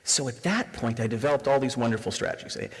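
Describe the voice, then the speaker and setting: A man's voice: mid-range voice, expressive, fast. A Canadian man in his forties giving a live diversity workshop, engaging the audience with rhetorical questions. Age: 40s. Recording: reverberant room sound.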